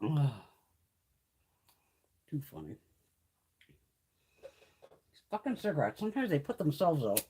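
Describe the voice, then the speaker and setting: A woman's voice: sits low, very animated, normal speed, pauses often, warm tone, a little hiss or hum. A woman hosting a beauty livestream, chatting casually with viewers, blunt and swearing freely, with frequent laughs. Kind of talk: casual live chat with viewers. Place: home on a mountain.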